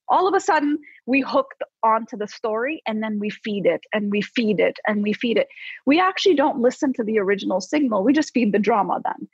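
Woman psychologist, coaching podcast talk, casual fillers, husky tone, slightly muffled recording. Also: on the high side, lively intonation, brisk, no room sound. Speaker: psychologist guest. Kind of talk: conversational podcast advice. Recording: slightly dull, dry podcast audio.

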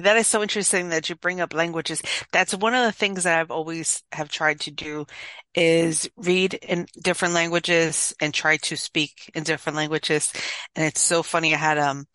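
A woman guest talking casually and telling stories in a lively way. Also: low-pitched, no room sound. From Spanish-speaking background. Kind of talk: casual conversation.

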